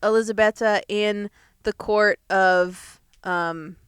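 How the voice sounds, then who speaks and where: A woman's voice: mid-range voice, fairly even intonation, takes it slowly, a bit bright, smooth, no echo, studio quality. A young woman co-hosting a podcast, recapping a movie in casual chat, laughing often and full of fillers. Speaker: podcast co-host.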